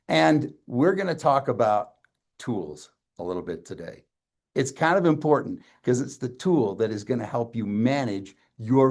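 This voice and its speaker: A man's voice: medium pitch, a little mellow. Folksy man presenting on a call. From Canada. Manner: sentimental, folksy, loose and rambling. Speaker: company presenter. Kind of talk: live presentation on a video call. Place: home office.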